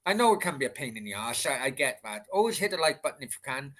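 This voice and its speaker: He has a mid-range, sing-song voice and talks fast, with background noise audible. A Welshman running a casual late-night livestream Q&A, he rambles through replies to chat, swears freely, and keeps restarting his thoughts.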